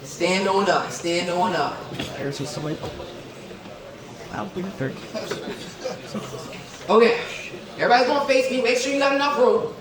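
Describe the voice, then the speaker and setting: High-pitched man, motivational keynote speaker, energetic, echoey hall, heard from a distance. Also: moderate pace, long pauses. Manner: energetic, leads crowd through dance counts, keeps asking "okay?". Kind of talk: motivational keynote with call-and-response. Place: event hall with tables and chairs.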